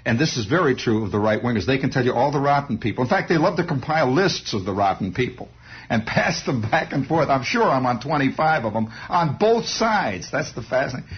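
A man's voice: medium pitch, expressive, a little fast, slightly rough. A man telling a rambling comic monologue in a wry storytelling manner, throwing in sound effects. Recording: dull lo-fi recording.

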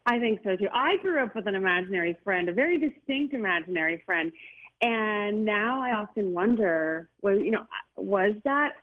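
A woman's voice: medium pitch, lively intonation, normal speed. Earnest woman on a tinny line. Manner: earnest, laughs often, restarts. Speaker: paranormal guest. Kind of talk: call-in radio chat. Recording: phone-like narrow band.

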